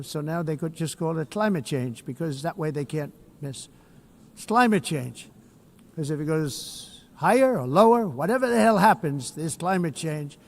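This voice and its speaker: Guy at a podium in a big hall, blunt boastful speech, repeats himself, kinda higher voice. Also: creaky, darkish tone. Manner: boastful, blunt, repetitive, rambling asides. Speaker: head of state giving a speech. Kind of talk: formal speech to an assembly, ad-libbed asides. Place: large assembly hall.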